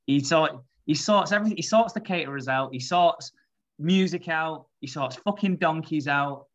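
A man's voice: fairly high pitch, normal speed, a bit bright, muffled recording. A man co-hosting a podcast in casual chat, laughing and swearing freely as he tells stories. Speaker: podcast co-host.

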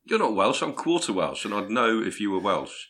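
A man's voice: on the low side, sing-song, normal speed, a bit bright. A man co-hosting a podcast, chatting casually in a dry, matter-of-fact way. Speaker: podcast co-host. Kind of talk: casual comedic chat.

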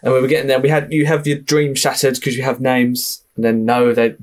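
A young man with an Essex accent, a film director chatting in a podcast interview, telling lively stories with laughs and the odd swear. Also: medium pitch, fairly quick. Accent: Essex English. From Essex, England.

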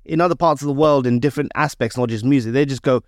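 Male co-host, halting restarts, close dry sound. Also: medium pitch, no room sound. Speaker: podcast co-host. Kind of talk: casual podcast chat.

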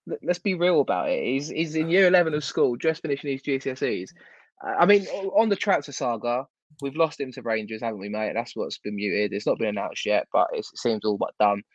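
A man's voice: mid-range voice, lively intonation, a little fast, no room sound. A man in casual football chat, blunt and ranting, with some swearing. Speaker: football podcast co-host. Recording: dull lo-fi sound.

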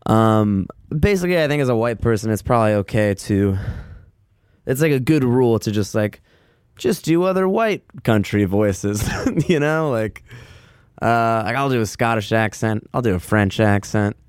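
A man's voice: moderate pace, smooth, no echo, studio quality. A man hosting a casual solo podcast, rambling loosely with lots of swearing, filler words and self-mocking asides. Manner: loose, self-mocking, lively swings in pitch. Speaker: podcast host.

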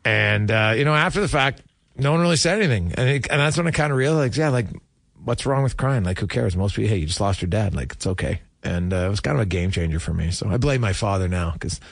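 A man's voice: fairly low pitch, expressive, fast talker, vocal fry, no room sound. A middle-aged man hosting a sports radio show, talking casually and candidly with plenty of fillers and restarts.

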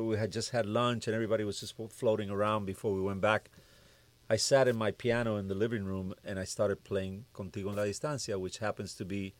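A man's voice: lowish voice, no echo. A man, a music producer, telling stories in an interview and acting out the dialogue of the people in them. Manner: animated storyteller who acts out quoted dialogue. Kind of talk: storytelling interview chat.

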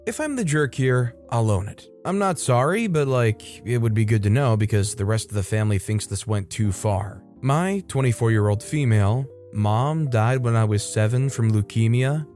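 A man reading online stories aloud in a steady, conversational way and adding brief comments of his own. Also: lowish voice, moderate pace, few pauses. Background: faint background music.

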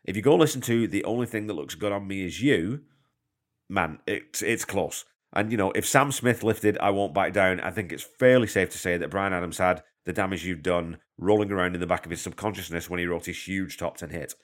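A man's voice: sits low, fairly quick. A man hosting a music podcast, talking through a record in a chatty, enthusiastic way with conversational asides. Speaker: podcast host. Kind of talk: casual music commentary.

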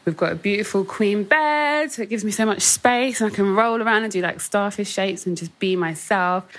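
A young woman chatting casually as a guest, bubbly and full of "like". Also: medium pitch. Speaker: guest singer. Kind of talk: casual chat and home tour.

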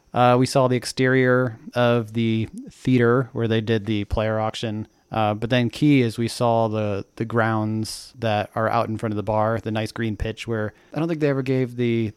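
A man co-hosting a podcast, telling travel stories in a relaxed, chatty way and correcting himself as he goes. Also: lowish voice, clear, resonant tone, dry recording. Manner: relaxed storytelling with small self-corrections. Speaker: podcast co-host. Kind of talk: casual chat.

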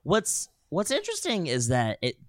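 Lively sardonic man, dry sound. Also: on the high side, normal speed, no room sound. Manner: riffing, sardonic, escalating rants. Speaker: podcast host. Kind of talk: casual chat.

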